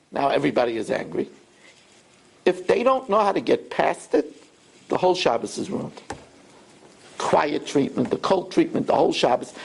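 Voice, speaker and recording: Animated gravelly rabbi. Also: male voice, on the high side. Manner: animated storytelling, acts out quotes. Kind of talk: sermon.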